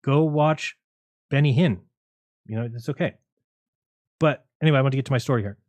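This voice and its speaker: A man hosting a livestream, talking in a rapid, argumentative, sarcastic way to his viewers. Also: medium pitch, darkish tone, no room sound. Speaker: livestream host. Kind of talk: casual livestream monologue.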